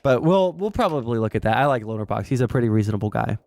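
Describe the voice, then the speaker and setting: A man's voice: mid-range voice, animated, fast, gravelly, darkish tone. A man streaming casual political commentary, rambling with fillers and wry asides.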